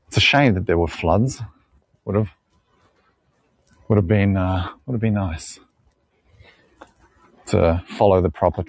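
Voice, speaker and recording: A man's voice: lowish voice, a little slow, pauses often, husky, no echo. An Australian man chatting with live viewers on an outdoor walking tour, rambling, joking and laughing often. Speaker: live-stream tour guide. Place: outdoors on a bush walk.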